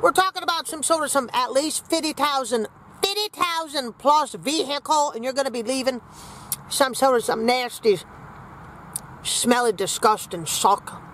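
A woman's voice: sits high, moderate pace, a bit bright, slight background noise, low-quality recording. A woman playing a vain, brash old granny character, rambling with sassy, crude asides from inside a parked car. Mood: preachy. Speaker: comedy vlogger in character.

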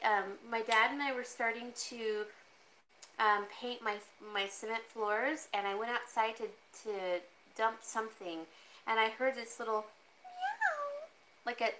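A woman runs a relaxed live jewelry sale from her home, drifting off topic and laughing as she goes. She takes her time, and her voice jumps high when she coos at her cat. A faint hum of room ambience sits behind her. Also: measured pace, low-quality recording. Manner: chatty, easily sidetracked, laughs often. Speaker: online jewelry seller. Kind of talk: casual live-stream sales chat.

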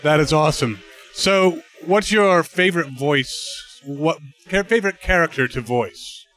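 Male interviewer, somewhat high-pitched, friendly and casual, faint music underneath. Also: unhurried, fairly bright tone. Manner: friendly, asks questions.

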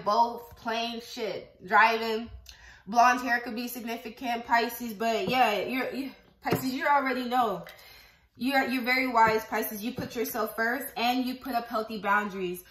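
A woman's voice: on the high side, a bit bright, roomy sound, rough recording. A woman giving a casual tarot reading to camera, chatty and profane, affirming her viewers and counting numbers aloud as she goes. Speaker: tarot reader.

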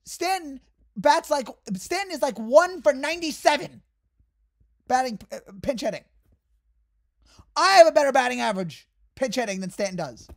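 A woman's voice: sits high, expressive, normal speed. A woman hosting a sports fan channel, delivering an exasperated, heated rant to the camera.

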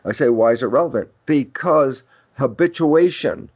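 Older male guest expert, mid-pitched, emphatic lecturer who voices quoted exchanges; dull low-fi recording. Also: normal speed, darkish tone. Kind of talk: podcast interview, explaining ideas. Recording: dull lo-fi audio.

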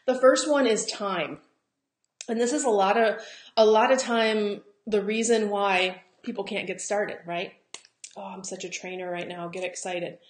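A Southern American woman coaching travel agents in a chatty, encouraging live talk, often laughing and acting out quotes. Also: a little high. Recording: roomy echo.

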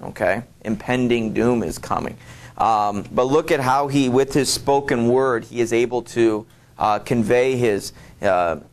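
A man's voice: mid-range voice, unhurried. A male teacher giving a classroom lecture, talking to students directly with many hesitations, fillers and restarts.

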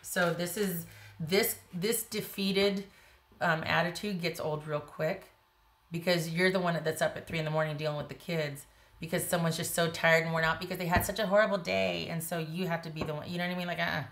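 A woman's voice: lowish voice, fairly even intonation, fairly quick, fairly bright tone. A woman giving a casual tarot reading, talking bluntly and emphatically, with frequent restarts. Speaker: tarot reader.

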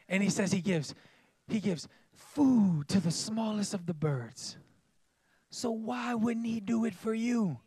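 A young male pastor, preaching in a comic, animated way and acting out voices. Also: high voice, no room sound. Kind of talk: sermon.

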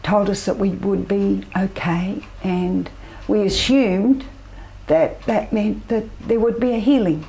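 An older Australian woman telling her personal story as an interview guest, soft-spoken and often trailing off into near-whispers. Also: mid-range voice, fairly even intonation, slow, vocal fry, low-quality recording. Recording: faint background noise.

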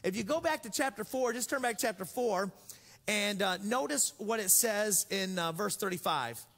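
A man's voice: sits high, lively intonation, normal speed, creaky, a bit bright, in a large hall. A man preaching a sermon as pastor, telling stories with jokes and acting out voices. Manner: storytelling, joking, acts out voices.

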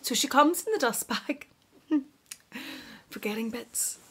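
A young woman vlogger chatting through an unboxing, excitable and giggly, tripping over her words. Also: high voice, slow pace, breathy edge. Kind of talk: unboxing vlog chat.

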